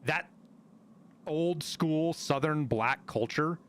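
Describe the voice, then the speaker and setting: A man's voice: fairly high pitch, slow pace, a bit bright. Profane storytelling man from Montana. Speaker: streamer. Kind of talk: casual storytelling chat.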